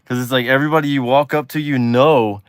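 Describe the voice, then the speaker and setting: A man's voice: medium pitch, steady tone, fast, clear, resonant tone, no room sound, clean studio sound. A man from Texas with a Texan accent hosts a live stream in casual chat, rambling easygoingly and trailing off with lots of "you know" asides. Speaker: host.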